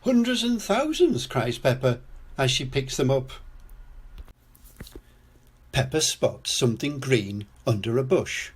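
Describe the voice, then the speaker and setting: An older man reading a children's storybook aloud as a storyteller grandad, in a slow gentle read-aloud. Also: medium pitch, husky.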